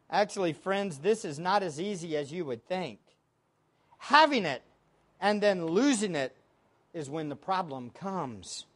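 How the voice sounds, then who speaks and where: A woman preaching a sermon in an emphatic way, asking the congregation questions and answering them herself. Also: sits high.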